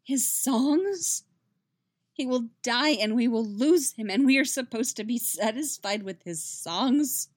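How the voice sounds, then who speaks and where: Yennefer, a grieving sharp-tongued woman, read by a woman. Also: medium pitch, a little slow, husky, no echo, studio quality. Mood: anguished. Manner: soft and thin, tight with pain.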